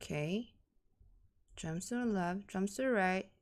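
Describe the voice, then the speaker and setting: Excitable Taiwanese woman casting esports. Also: mid-range voice. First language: Mandarin. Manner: excitable, chatty, quick to laugh and gasp. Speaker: esports caster. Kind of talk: live esports commentary.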